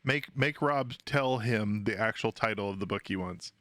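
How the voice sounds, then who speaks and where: A man's voice: on the low side, moderate pace, fairly bright tone, no room sound. A man playing a tabletop game, joking and talkative. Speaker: player. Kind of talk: casual tabletop game chat.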